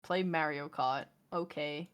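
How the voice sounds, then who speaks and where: A woman's voice: low voice, takes it slowly, clean tone. A woman streaming from home, chatting casually, ranting and swearing as she talks to her chat.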